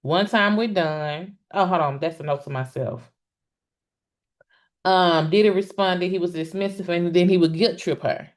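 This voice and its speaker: A woman hosting a casual live stream about a court case, chatty and exclamatory, speaking straight to her viewers and often pausing with "um" and restarting. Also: fairly low pitch. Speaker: trial commentary host.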